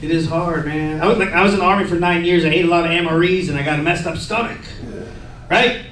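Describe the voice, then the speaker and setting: A man in his thirties works a stand-up set in a loose, profane way, calling people "bro" and "man." His voice sits high and carries from a distance. The room is echoey, and the crowd is clearly heard throughout. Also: quick pace, noisy background. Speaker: stand-up comedian. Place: comedy club stage. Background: laughing audience.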